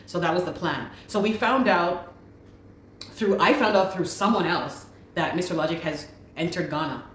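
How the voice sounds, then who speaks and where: A woman's voice: on the low side, moderate pace, a bit bright. A woman giving an earnest, urgent personal account and often repeating her pleas. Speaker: guest telling her story. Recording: roomy recording with faint background noise.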